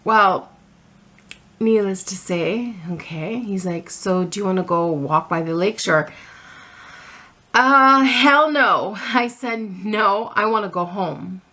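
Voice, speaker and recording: A middle-aged woman telling a personal story on her vlog, animated and a little flustered, with many restarts. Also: medium pitch, a little slow. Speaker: vlogger.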